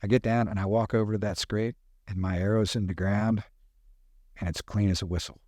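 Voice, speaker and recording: A middle-aged man, a podcast guest, telling animated hunting stories with sound effects in casual talk. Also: lowish voice, brisk, no room sound, studio quality. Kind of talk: casual storytelling.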